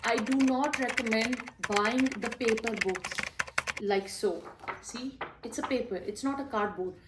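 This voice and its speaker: A young mother speaks in a casual, friendly way as she walks through tips on reading to her little ones. Her voice sits a bit high, and she explains things patiently with the odd filler. The room adds a noticeable echo. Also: a little slow, very noisy. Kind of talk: casual instructional talk showing books. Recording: roomy echo.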